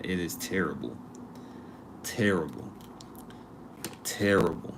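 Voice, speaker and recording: A man's voice: on the low side, vocal fry, background noise. A man in his twenties hosting a casual live stream, chatting and joking as he reads comments and looks up college costs. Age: 20s. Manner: chatty, joking, talks to chat readers.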